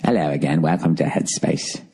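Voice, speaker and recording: A man's voice: a bass voice, moderate pace, slight background noise, voice pushed down. A man putting on a soothing British meditation guide. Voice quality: soft, soothing.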